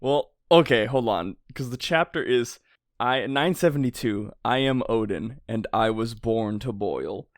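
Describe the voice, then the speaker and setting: A man co-hosting a fan podcast, excitable and laughing a lot, with casual swearing. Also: medium pitch, a little slow, no room sound, clean studio sound. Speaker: podcast co-host.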